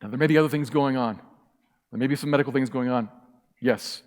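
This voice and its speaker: A man's voice: medium pitch, fast, a little mellow. A man preaching a sermon as pastor, emphatic and impassioned, repeating key phrases. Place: church sanctuary. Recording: church hall reverb.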